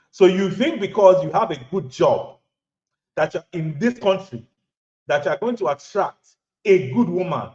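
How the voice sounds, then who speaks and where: A man's voice: a little high, a little mellow. A man in his thirties or forties from Nigeria, with a Nigerian accent, lecturing viewers emphatically and repeating lines for stress. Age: 30s to 40s. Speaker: vlogger giving relationship advice. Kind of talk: lecturing monologue to camera. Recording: roomy, dull lo-fi audio.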